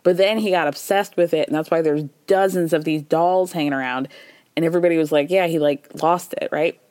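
A woman's voice: low voice, brisk, darkish tone, no echo. A woman hosting a podcast, giving a chatty, sarcastic recap of a reality show and acting out the cast's lines in playful voices. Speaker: podcast host.

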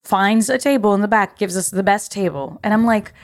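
A woman's voice: medium pitch, fairly quick. A young woman hosting a podcast, talking casually and emphatically in slangy, chatty life advice. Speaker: podcast host.

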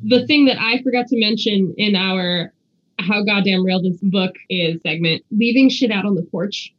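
A woman co-hosting a casual book discussion, chatty and quick to tell a personal anecdote. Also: mid-range voice. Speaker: book podcast co-host. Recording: dull lo-fi audio.

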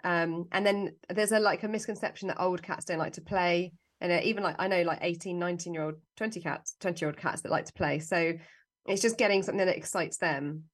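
A woman explains things on a podcast at a fast clip, with plenty of fillers. Her voice sits on the lower side. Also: steady tone. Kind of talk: casual podcast chat.

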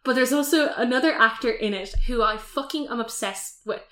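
A woman's voice: fairly high pitch, a little fast, bright, forceful tone. A woman co-hosting a podcast, chatting casually and rambling about films, swearing now and then. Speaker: podcast co-host. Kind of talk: casual film review chat. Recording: roomy echoey room.

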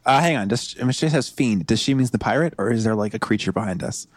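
A man's voice: on the low side, animated, fast talker, no echo. A man playing a tabletop game, planning playfully and laughing often. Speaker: player. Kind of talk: casual tabletop game play.

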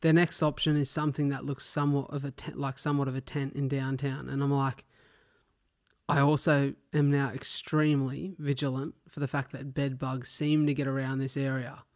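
A man's voice: medium pitch, flat delivery, normal speed, darkish tone. An Australian man hosting a solo podcast, telling stories in a chatty, slangy way and swearing casually. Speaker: podcast host.

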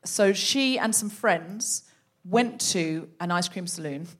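A woman's voice: on the low side, slow. A woman hosting a live comedy podcast on a theatre stage, chatty and laughing as she tells a story and sets up an improv scene.

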